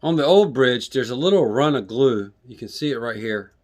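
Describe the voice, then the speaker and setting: A man's voice: mid-range voice, animated, normal speed. A man making a casual guitar vlog, talking in a rambling, plainspoken and self-deprecating way while he shows parts and works with his hands. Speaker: guitar vlogger. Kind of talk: casual how-to video.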